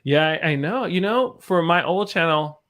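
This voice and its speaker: A man's voice: on the high side, expressive, moderate pace, fairly bright tone. Rambling American man hosting a live stream. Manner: rambling, searches for words. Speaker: host. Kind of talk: casual live-stream chat. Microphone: video call.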